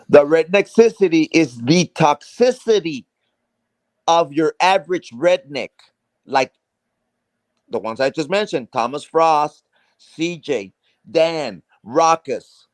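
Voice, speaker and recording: With a fairly high, slightly mellow voice and no echo, a man from South Texas rants on a live stream. It's a heated, casual tirade thick with profanity. He restarts phrases and pounds on each point.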